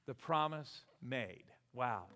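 An older male pastor preaching in his sixties, lively and exclamatory, chuckling as he drives his points home. His mid-pitched voice rolls out into a church sanctuary with a long hall reverb trailing each phrase. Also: slow pace. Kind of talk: sermon.

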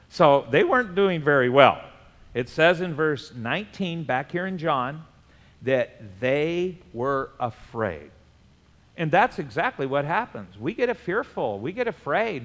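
Animated preacher man, reverberant hall. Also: a little high, a little slow. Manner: animated preaching with sudden loud bursts and chuckles. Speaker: pastor. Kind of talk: sermon.

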